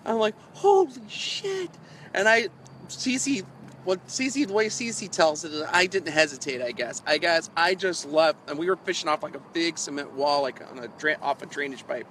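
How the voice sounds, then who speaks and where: A man's voice: a little high, moderate pace, sharp tone, slight background noise. Chuckling man telling rambling fishing tales. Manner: chuckling, meandering, self-mocking. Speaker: fishing live-streamer. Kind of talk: rambling storytelling to a live chat. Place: outdoors by the water while fishing.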